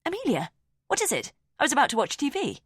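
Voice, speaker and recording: A woman's voice: high-pitched, wildly swooping pitch, fast talker, dry recording, studio quality, pitched above the performer's own voice. A woman reading an audiobook, voicing a brittle, defensive young woman. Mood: startled.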